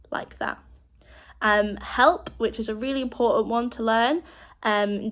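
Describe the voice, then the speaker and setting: A woman with a British accent teaching children sign language, speaking slowly and clearly as she demonstrates each word. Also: fairly high pitch, a bit bright. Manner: slow, clear demonstrating speech.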